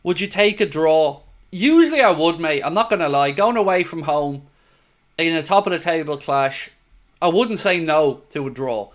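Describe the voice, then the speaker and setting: A man's voice: fairly high pitch, expressive, moderate pace. Chatty Irish man hosting a live stream. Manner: chatty, reads out viewer comments, casual swearing. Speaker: watchalong host. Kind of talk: live stream chat reading comments.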